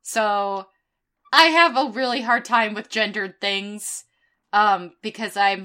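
A young woman with a bright, clear voice tells stories on a podcast in casual, heated chat. She swears freely and leans on fillers as she rants. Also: medium pitch, measured pace. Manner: heated, profane storytelling with frequent fillers. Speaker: podcast co-host.

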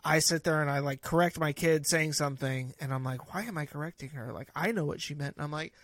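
Man, 30s, podcast co-host, casual chat, easygoing, slightly high voice, dry close mic. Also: quick pace, fairly bright tone, no echo. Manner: easygoing, reflective, acts out quotes from his kid.

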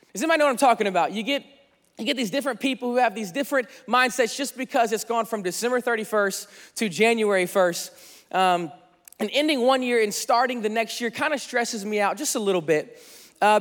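High-voiced joking pastor in a big hall. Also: male voice. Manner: energetic, joking. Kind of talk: sermon. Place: large church sanctuary. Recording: long hall reverb, faint music.

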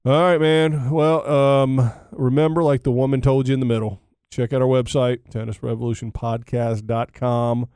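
A man co-hosts a casual podcast in a joking, rambling, self-mocking way. His voice is mellow and soft-edged. The recording is dry and close. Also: medium pitch, little pitch movement, normal speed, hardly any pauses, smooth, dry recording. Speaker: podcast co-host. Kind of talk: casual chat.

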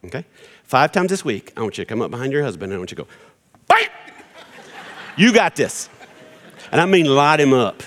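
A middle-aged man preaching a sermon, animated and joking as he acts out quotes for a church congregation. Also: medium pitch, fast. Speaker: pastor. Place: large church hall with congregation. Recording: long hall reverb.

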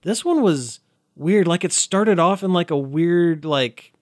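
A man's voice: on the high side, expressive, measured pace, no room sound. Rambling casual man, dry close sound. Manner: rambling, heavy on "like" fillers. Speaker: podcast co-host. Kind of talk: casual chat.

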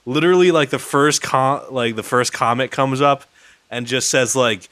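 A man's voice: mid-range voice, unhurried, sharp tone, smooth, no room sound. A man co-hosting a podcast, telling a rambling story in casual chat, full of fillers and restarts, swearing freely. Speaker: podcast co-host.

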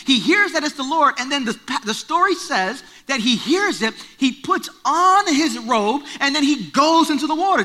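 A pastor with a very high, sharp voice preaches a sermon, retelling a story conversationally. He drives his points home through repetition.

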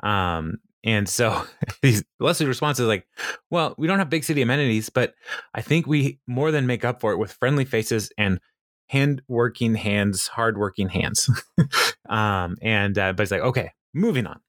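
A man's voice: fairly low pitch, expressive, normal speed, a bit bright, dry recording, studio quality. A man chatting casually on a podcast, retelling a TV episode with frequent laughs and fillers. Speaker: podcast co-host. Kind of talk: casual chat recapping a TV episode.

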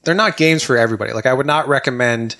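A man talking in an excited, rambling way, chatting casually as a co-host of a gaming talk show. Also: mid-range voice, a loud crowd. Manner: excited, rambling, quick bursts. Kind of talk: casual chat.

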